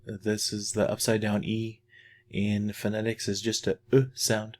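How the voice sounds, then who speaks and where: Middle-aged male French teacher, deep, unhurried, patient with beginners. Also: monotone, a little mellow. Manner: patient, repeats phrases slowly for practice. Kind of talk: classroom language lesson.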